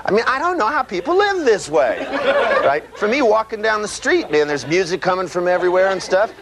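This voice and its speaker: A man lecturing a live seminar, his voice lifting and swooping with lively pitch and sitting a touch high. He talks in a loose, profane way, tossing in "you know" and "right" and mimicking sounds. The old tape hisses and clicks behind him. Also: brisk, a loud crowd.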